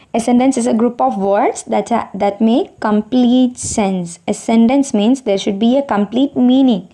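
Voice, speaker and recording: A woman's voice: a little high, warm tone. A woman with an Indian English accent teaching an online primary school English lesson. She asks questions, answers them herself, and often adds "isn't it?".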